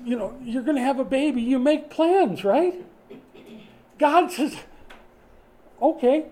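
Mellow-voiced older man preaching conversationally. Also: sits high. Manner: conversational, asks the congregation questions. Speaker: pastor. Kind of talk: sermon. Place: small church during a power outage.

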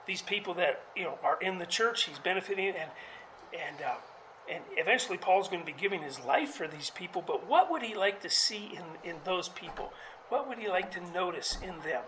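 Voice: mid-range voice, expressive, fairly quick, fairly bright tone, a little hiss or hum, poor audio. A preacher delivering a sermon, explaining scripture in an earnest, teaching way.

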